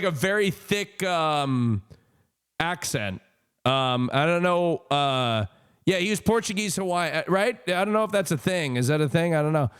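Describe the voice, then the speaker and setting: A man in his thirties tells a personal story on a live stream, wandering off track and filling pauses. He laughs often and swears freely. His voice is high, and he talks slowly. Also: clean tone. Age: 30s.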